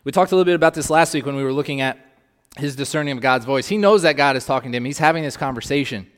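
A man's voice: medium pitch, rapid-fire, big-room sound. A male pastor preaching in a conversational way, often checking in with his congregation. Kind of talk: sermon.

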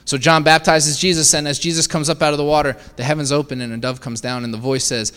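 A man's voice: on the high side, little pitch movement, fast, hardly any pauses, fairly bright tone, clear, resonant tone, big-room sound. A man preaching a sermon in a conversational way, often asking the listeners questions. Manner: conversational, asks the congregation rhetorical questions with frequent "right?".

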